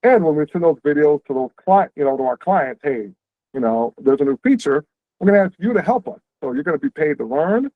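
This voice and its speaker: Man, host, video call, quick conversational talk, tinny phone-like sound, dry. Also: fairly high pitch, sing-song, no echo. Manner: quick, conversational, frequent "right?" check-ins. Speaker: company owner hosting an info session. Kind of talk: explaining career paths on a video call.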